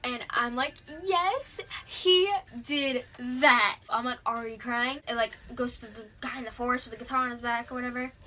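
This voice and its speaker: A young woman telling an excited concert story in a vlog, gushing and filling her talk with "like" as she acts out what people said. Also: fairly high pitch, fast, hardly any pauses, background noise. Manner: gushing, heavy use of "like", acts out quotes. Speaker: concert fan vlogger. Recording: music playing clearly behind her.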